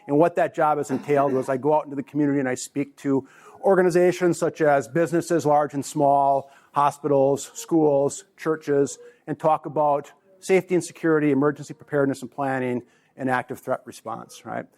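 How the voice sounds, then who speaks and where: A man's voice: on the high side, steady tone, a little fast, a little mellow. Chatty man presenting at a conference. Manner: chatty, joking, with restarts. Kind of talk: casual talk to a live audience. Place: conference room.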